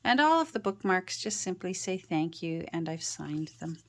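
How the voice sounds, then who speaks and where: A woman artist narrating a casual show-and-tell of her handmade journals, talking gently and meandering with frequent ums and uhs. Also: on the low side, big pitch swings, normal speed, slight background noise.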